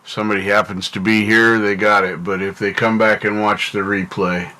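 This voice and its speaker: A man's voice: on the low side, flat delivery, moderate pace, sharp tone. A North American man hosting a livestream, rambling casually and thinking aloud while he answers his chat. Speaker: livestream host.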